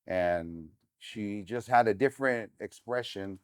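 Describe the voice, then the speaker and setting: A man's voice: fairly low pitch, unhurried, smooth, no room sound, clean studio sound. A middle-aged man, a podcast guest, telling a personal story frankly and without a filter, with many "um"s and "you know"s. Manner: unfiltered and frank, with many fillers.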